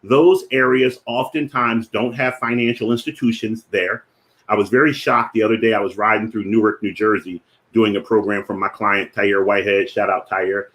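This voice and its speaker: A man with a Philadelphia accent hosting a finance show, explaining ideas deliberately and repeating key definitions slowly for emphasis. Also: lowish voice, fairly even intonation, a bit bright.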